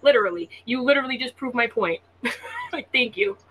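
A woman's voice: on the high side, animated, fairly quick, a bit bright, slightly rough, low-quality recording. A woman hosting a livestream, talking in a slangy, blunt, mocking way on a stream call. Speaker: livestream host. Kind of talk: casual livestream chat. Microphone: online stream call audio.

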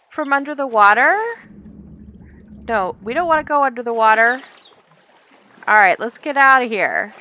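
Chatty woman streaming a game, kinda high voice, bright and lively. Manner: chatty, thinks aloud, talks to the enemies; easily startled, laughs often. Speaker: let's play host. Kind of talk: casual gameplay commentary.

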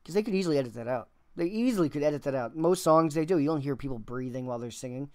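A man's voice: fairly high pitch, lively intonation, rapid-fire, darkish tone. A man hosting a music reaction video, talking casually and enthusiastically, thinking aloud and swearing now and then.

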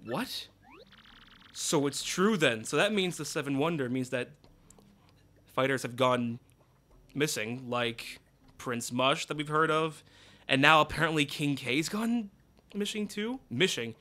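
A man's voice: a little high, unhurried. A man casually commentating a game, thinking aloud. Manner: chatty, thinks aloud, animated. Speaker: let's play gamer.

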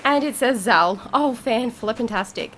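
A woman giving casual gameplay commentary as a YouTuber, gushing, giggly and excitable, with mild swearing. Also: fairly high pitch, normal speed, slight background noise. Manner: bubbly, giggly. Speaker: gaming YouTuber.

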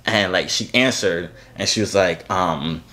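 A man's voice: deep voice, unhurried, sharp tone. A man in his twenties chatting casually on a video chat app, playful, teasing and boastful. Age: 20s. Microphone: phone on a video chat app.

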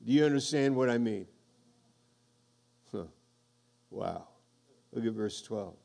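A male preacher with a gravelly, creaky voice delivers a sermon at an unhurried, deliberate pace. He reads scripture aloud and presses his points home with rising emphasis. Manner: preaches emphatically, swelling louder at high points. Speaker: pastor.

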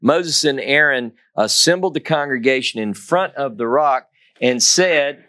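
A man's voice: mid-range voice, expressive, unhurried, pushed and bright. A man giving a Torah teaching, reading scripture dramatically and stressing key phrases by repeating them. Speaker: Bible teacher.

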